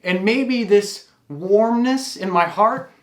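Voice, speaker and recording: A man's voice: high-pitched, takes it slowly, roomy sound. A man telling a wry, confessional personal story.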